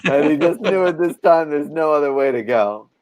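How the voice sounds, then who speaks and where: A man's voice: a little high, animated, normal speed, darkish tone. A man co-hosting a casual podcast chat, rambling and poking fun at himself. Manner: self-deprecating, rambling. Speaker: podcast co-host.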